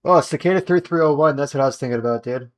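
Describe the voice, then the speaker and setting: A man's voice: a little high, racing. A man chatting casually while gaming on a stream, swearing a lot and calling people dude. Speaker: gamer on a stream.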